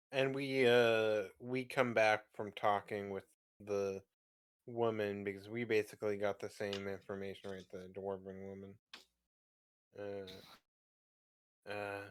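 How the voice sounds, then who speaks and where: A man talking as a player in a tabletop game, halting and unhurried. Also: lowish voice, a bit bright, a little hiss or hum. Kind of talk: tabletop role-play chat.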